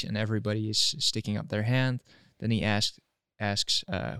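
A man's voice: lowish voice, steady tone, unhurried, hardly any pauses, bright, forceful tone, smooth, no echo, clean studio sound. A man co-hosting a casual livestream chat, blunt and dismissive, with many fillers.

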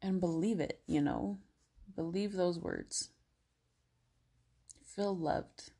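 Husky low-voiced woman, gentle podcast talk. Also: takes it slowly. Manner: gentle, encouraging, chatty with many fillers; soothing guided relaxation at times. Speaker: podcast host. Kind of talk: casual self-help podcast talk.

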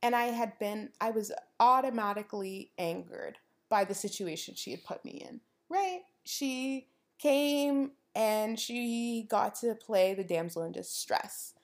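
A young woman hosts a podcast in a casual monologue, her voice fairly high and her pace unhurried. She tells her stories with animation, acting out what people said, and fills her speech with frequent "like"s.

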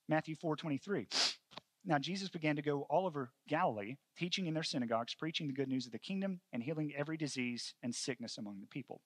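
A man in his thirties preaching a sermon, earnest, moving between hushed storytelling and fervent calls. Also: a little high, fast talker, no room sound. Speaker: pastor.

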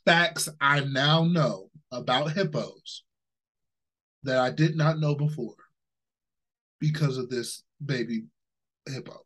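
Poor audio captures a man from Ohio, USA, co-hosting a podcast in a mid-range voice, taking it slowly with long pauses. Still, his manner is animated: he rants, laughs often, and swears without restraint.

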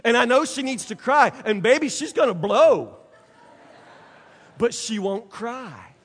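A middle-aged male pastor delivering a sermon, emphatic and repetitive, swinging between loud and soft. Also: very high-pitched, animated, a little slow, slightly rough, big-room sound. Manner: emphatic preaching, repeats phrases, sudden loud and soft turns.

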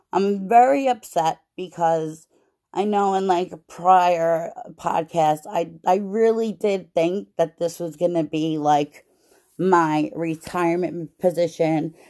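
A woman podcast host venting about her job in a casual, profane, animated way, with many "like"s. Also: on the low side. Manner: profane, animated storytelling with lots of "like".

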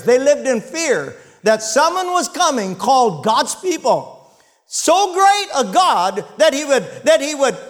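A man preaching a sermon, retelling scripture and calling out for amens from the congregation. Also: very high voice. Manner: animated preaching, calls for amens and shouts. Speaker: pastor.

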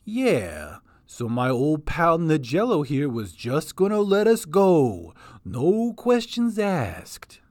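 A man voicing a small, chatty male goblin, excitable and quick. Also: a little high, no room sound, clean studio sound, heavily acted. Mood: sly.

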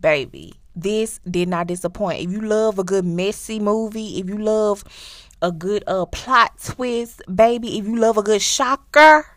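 Animated slangy woman recapping a show. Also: medium pitch, measured pace, dry recording, studio quality. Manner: animated, slangy, addresses listeners as y'all. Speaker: podcast host.

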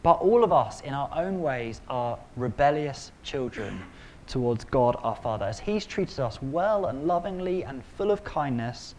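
A man preaching a sermon in an animated, conversational way, acting out quotes. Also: medium pitch, unhurried, a little hiss or hum. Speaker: pastor.

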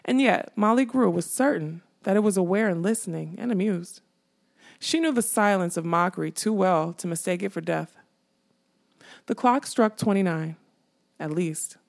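A woman narrating a fantasy audiobook in a measured storytelling manner. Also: lowish voice, creaky, a little mellow.

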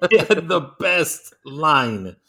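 Emphatic ranting male podcast co-host. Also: fairly low pitch. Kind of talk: casual movie review chat.

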